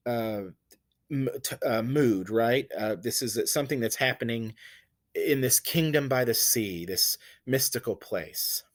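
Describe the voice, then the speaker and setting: Man teaching a recorded poetry lesson. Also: medium pitch. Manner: conversational, with fillers and self-corrections; reads quoted verses slowly and stresses their vowel sounds.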